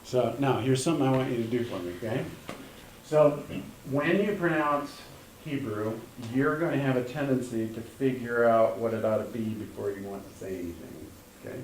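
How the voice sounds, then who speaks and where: A man teaches a class with patient, step-by-step coaching. His voice sits at an ordinary pitch and carries some room echo. The mic is a little way off, with faint background noise. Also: normal speed, distant mic. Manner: patient, coaching students syllable by syllable. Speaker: Hebrew teacher. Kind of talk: classroom instruction.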